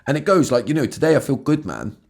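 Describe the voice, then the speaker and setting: Fast-talking, with a medium pitch that swings widely, a man gives an emotional solo monologue on his own podcast. His voice is gravelly and a little mellow. Having been crying, he speaks earnestly, often stumbling and restarting, and swears casually.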